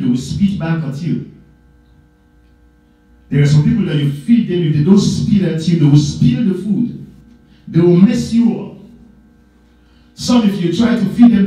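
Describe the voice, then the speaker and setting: A man preaching a sermon as pastor, emphatic and repetitive, swinging between loud stresses and low asides. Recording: echoey church hall, mic at a distance.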